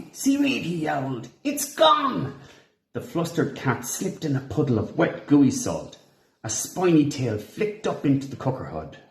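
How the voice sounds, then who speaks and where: A man reading a children's storybook aloud, expressive and animated. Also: medium pitch, echoey room. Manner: expressive, animated character voices. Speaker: storybook reader. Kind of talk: children's read-along narration.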